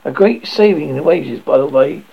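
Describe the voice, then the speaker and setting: A man with a gravelly voice voicing a small, nervous male alchemist who talks in a fumbling, apologetic way. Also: fairly high pitch, full character voice. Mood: nervous, eager. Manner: fumbling, apologetic, halting delivery. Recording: dull lo-fi audio.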